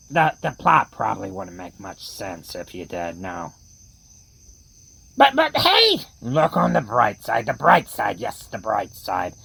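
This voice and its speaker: A woman's voice: extremely low pitch, creaky, fairly bright tone, slightly rough, exaggerated voice, poor audio. A woman voicing a nervous, stammering male deputy with a drawl in a horror comedy radio play. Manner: stammering, fretful, chatty.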